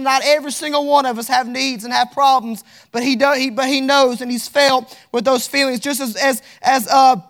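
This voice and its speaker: High-voiced fervent preacher man. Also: a bit bright. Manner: fervent, repetitive, sing-song preaching with scripture reading. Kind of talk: sermon.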